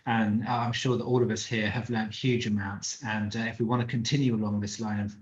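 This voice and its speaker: A man's voice: fairly low pitch, flat delivery, a little fast, muffled recording. A man hosting an online meetup, closing graciously with many filler words. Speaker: meetup host. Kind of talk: closing thanks.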